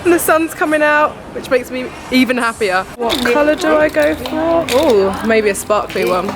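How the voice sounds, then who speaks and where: A young woman vlogging to a handheld camera, gushing and excitable, often gasping and laughing. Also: high-pitched, normal speed. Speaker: beauty vlogger. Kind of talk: casual vlog to camera. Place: hotel room and city streets.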